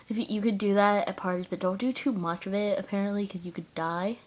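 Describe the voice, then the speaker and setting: A woman's voice: medium pitch, steady tone, fairly quick, darkish tone. A young woman talking casually in a home video, her voice altered by helium, giggling and playful. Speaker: vlogger. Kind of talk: casual vlog chat.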